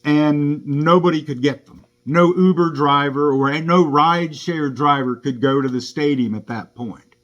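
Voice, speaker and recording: Speaking unhurriedly in a fairly high, fairly bright voice, a man who drives for a rideshare company tells an aggrieved first-person story about a police encounter. The recording has a lo-fi quality.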